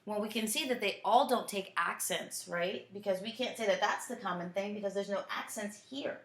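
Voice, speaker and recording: A woman teaching a French class, drilling verb conjugations slowly and patiently, often asking "right?". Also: mid-range voice, a bit bright, reverberant. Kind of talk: recorded classroom lesson, switching between French and English.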